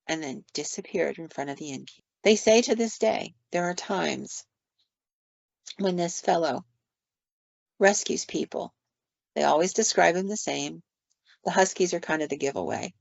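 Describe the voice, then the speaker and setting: Woman, podcast storyteller, lowish voice, dry dull lo-fi sound. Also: a little slow, gravelly, pauses often, dry recording. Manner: casual retelling with fillers and quoted asides. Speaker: podcast co-host telling ghost stories.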